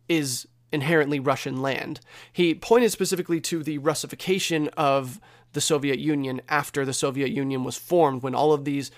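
A man from the United States giving an unscripted news update, talking it through conversationally with restarts and hedges. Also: fairly high pitch. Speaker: commentator.

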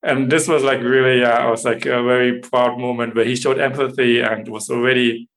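A man, a father, telling a fond story with halting pauses and a searching manner. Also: mid-range voice, flat delivery, a bit bright, poor audio. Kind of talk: personal storytelling.

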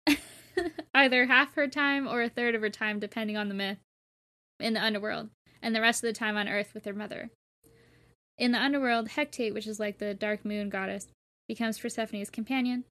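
A woman's voice: a little high, fairly even intonation, fairly quick, sharp tone. A young adult woman in a casual chat, explaining stories in a chatty way, full of "like" and easy laughter. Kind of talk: casual chat about mythology.

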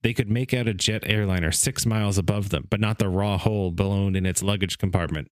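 Low-voiced man reading a story aloud. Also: fairly even intonation, brisk, no echo. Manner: reads steadily, stumbles on some words then laughs it off. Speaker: podcast host reading stories. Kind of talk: casual podcast reading aloud.

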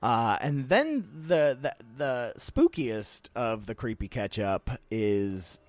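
A man co-hosting a casual podcast, telling stories in a rambling, animated way with frequent laughs. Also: mid-range voice, slow pace, no echo. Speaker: podcast co-host. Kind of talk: casual chat.

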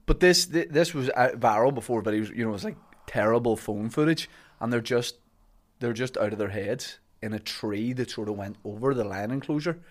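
Man, podcast host, relaxed, mid pitch. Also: brisk. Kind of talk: casual podcast chat.

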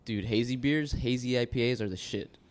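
Man, podcast host, laid-back casual chat, swears, mid-pitched voice. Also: fairly quick.

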